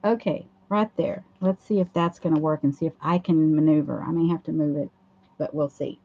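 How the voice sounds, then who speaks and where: A hoarse woman hosts a casual craft livestream, chatting through each step as she works at a home craft table. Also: sits low, steady tone, brisk, mellow. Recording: dull lo-fi livestream audio.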